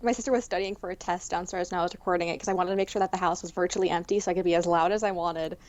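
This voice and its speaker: A woman co-hosting a casual podcast chat. She talks quickly and acts out quotes with high, loud outbursts. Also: fairly even intonation, muffled recording. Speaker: podcast co-host and video reactor.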